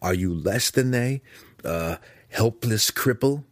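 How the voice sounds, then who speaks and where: A man reading aloud, voicing an earnest young male dark elf warrior who speaks with pressing intensity. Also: sits low, very animated, moderate pace, breathy edge, no room sound, exaggerated voice. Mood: intense.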